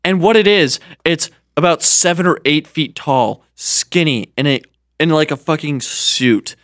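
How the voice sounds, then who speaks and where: A man in casual chat, telling a dream story in an animated way, laughing often and swearing, with lots of "like". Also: a little high, unhurried, no echo, clean studio sound.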